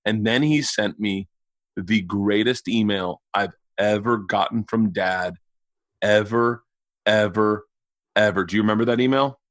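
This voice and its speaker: A man's voice: fairly low pitch, measured pace, dry recording. A man on a remote call, telling a casual story full of swearing and acted-out quotes. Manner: profane, animated, acts out loud quotes. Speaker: guest.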